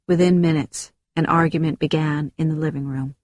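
Woman, memoir narration, low voice, measured, dry close recording. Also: steady tone, a little mellow, dry recording.

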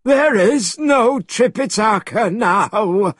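A man doing a loud pig pilgrim. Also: sits high, sing-song, slow, slightly rough, no echo, clean studio sound, pitched above the performer's own voice, full character voice.

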